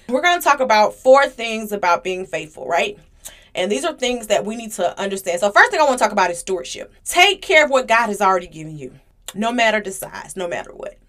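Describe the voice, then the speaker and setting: A woman's voice: mid-range voice, very animated, a little fast. A woman hosting a Christian podcast, teaching, repeating phrases for emphasis and acting out little dialogues. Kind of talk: casual preaching monologue.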